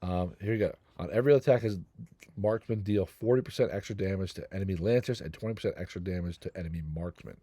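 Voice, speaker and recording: Low-voiced middle-aged male game-guide host, rambling and self-mocking, dry close recording. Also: fast, mellow, no room sound. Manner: rambling, jokey, self-deprecating. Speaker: gaming channel host. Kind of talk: casual game guide commentary.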